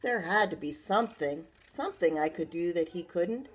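A woman's voice: lowish voice, lively intonation, normal speed, husky. A librarian reading a picture book aloud to children, adding chatty asides to her listeners.

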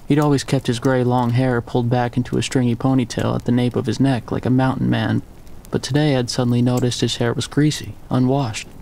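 A man giving measured, quiet first-person narration of a scripted audiobook story. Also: mid-range voice, vocal fry, slight background noise.

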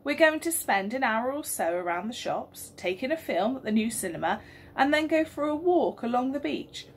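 A woman voicing a cheerful, friendly neighbour father, with a breathy voice. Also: fairly high pitch, expressive, normal speed, a little hiss or hum, pitched above the performer's own voice. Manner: cheerful, bright.

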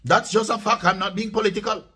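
Jamaican man, high-pitched voice, emphatic political vlog rant, patois mixed in, repeats himself for stress. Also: steady tone, fast talker, bright, forceful tone, slightly rough. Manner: emphatic, repetitive, mixes patois into speech. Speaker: political commentator vlogger. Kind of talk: casual political commentary.

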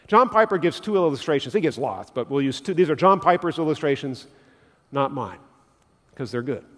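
A man's voice: fairly high pitch, expressive, a little fast. A man preaching a sermon as pastor, telling everyday stories and acting out little scenes as he makes his point. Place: church sanctuary. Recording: long church reverb.

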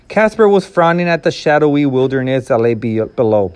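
Guy reading a chapter of a novel out loud, steady and measured, middle pitch. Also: smooth, no echo. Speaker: reader.

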